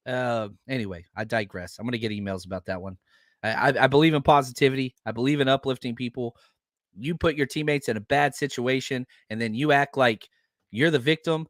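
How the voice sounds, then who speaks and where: A man's voice: medium pitch, expressive, fairly quick, a bit bright, dry recording, clean studio sound. A man hosting a sports podcast, talking casually and ranting heatedly with plenty of profanity. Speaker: podcast host.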